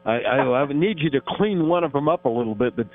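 A man's voice: medium pitch, expressive, fairly quick, phone-quality sound, soft background music. A man hosting a sports radio show, chatting casually with stammering restarts and easy laughs. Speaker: radio host. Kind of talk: radio interview.

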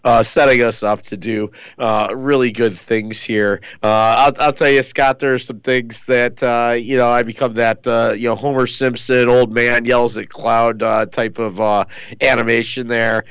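A man's voice: medium pitch, level tone, unhurried, a bit bright, smooth, dry recording, rough recording. A man co-hosting a sports talk radio show, chatting casually and rambling with lots of fillers. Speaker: co-host.

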